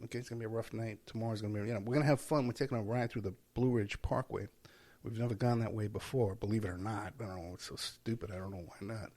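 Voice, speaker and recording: Gravelly man rambling through a solo podcast. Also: lowish voice, fairly even intonation, fast, darkish tone. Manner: rambling, self-interrupting, with chuckles. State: tired. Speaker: podcast host. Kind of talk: casual solo podcast monologue. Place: at home while packing.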